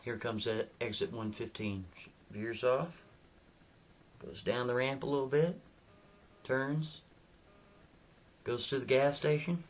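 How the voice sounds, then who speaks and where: A man telling a story in a casual, chatty way, animated and lively, with a husky voice. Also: mid-range voice, slow pace, pauses often. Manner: animated, chatty, laughs at own tale.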